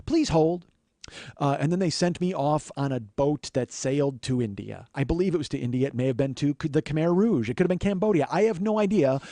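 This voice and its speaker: A man's voice: on the high side, fast, few pauses, mellow, dry recording. A man telling an indignant, profane comic story as a podcast host. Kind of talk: comic rant monologue.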